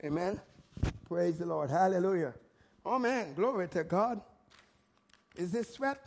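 A male pastor preaching a sermon emphatically, firing rhetorical questions and rising to shouts. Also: sits high, unhurried, vocal fry.

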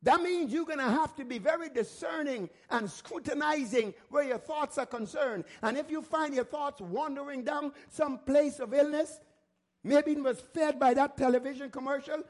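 A man's voice: very high voice, darkish tone. A man pastor preaching a sermon, emphatic and repetitive, asking the listeners rhetorical questions.

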